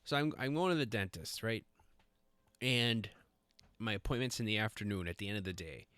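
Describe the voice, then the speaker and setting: A man hosts his podcast in a loose, rambling chat, poking fun at himself and tripping over his own restarts. His voice sits on the low side. The sound is dry and close, with no room around it. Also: normal speed, sharp tone, clean tone, no echo. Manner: rambling, self-deprecating, lots of fillers and restarts. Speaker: podcast host. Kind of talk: casual chat.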